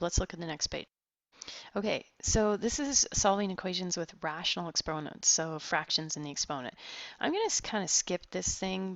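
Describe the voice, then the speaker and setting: Here a woman tutors math online with a lowish voice marked by vocal fry, taking students through problems step by step and offering encouragement throughout. It's a dull, dry, closely miked recording.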